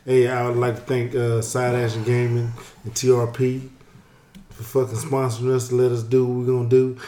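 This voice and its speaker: A man's voice: medium pitch, flat delivery, fairly quick, mellow, a little hiss or hum. Profane man hosting a roomy podcast. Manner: loose, profane, joking. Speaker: podcast host. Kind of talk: casual podcast banter.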